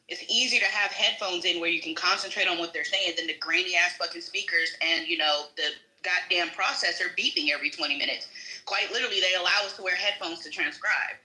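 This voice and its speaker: A woman speaks with a very bright, clear voice in an echoey kitchen. She tells stories in a loose, casual way and mimics the people she quotes. Her words are blunt and often coarse. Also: fast. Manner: animated, acts out quoted people in a higher voice; casual, swears freely. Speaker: panel speaker. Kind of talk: casual storytelling on a live panel. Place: home kitchen, cooking while talking.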